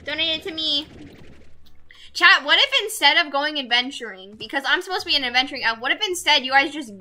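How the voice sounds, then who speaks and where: A young woman streaming a game, chatting casually with her viewers and gushing loudly over cute things. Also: high voice, animated, quick pace, faint music behind. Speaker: VTuber streamer. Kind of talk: casual gameplay chat with viewers.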